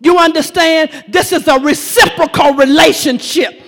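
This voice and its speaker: Shouting high-voiced woman preacher. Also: fairly even intonation, moderate pace, in a large hall. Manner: shouting, emphatic, repeating lines for effect. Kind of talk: sermon.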